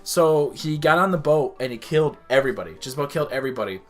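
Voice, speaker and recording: Man, podcast host, animated storyteller, swears a lot, lively pitch. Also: fast talker, faint music behind. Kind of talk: casual podcast chat.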